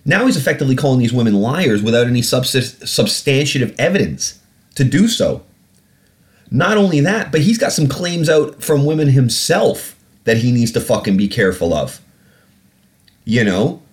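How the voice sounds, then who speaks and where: A man's voice: medium pitch, very animated, normal speed. A man hosting a podcast, ranting animatedly and swearing freely in casual talk. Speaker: podcast host.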